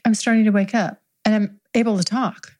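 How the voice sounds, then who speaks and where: A woman's voice: mid-range voice, fairly even intonation, a little fast, darkish tone. A woman hosting an adult podcast, telling an improvised first-person story in a candid, profane way and laughing often as she goes.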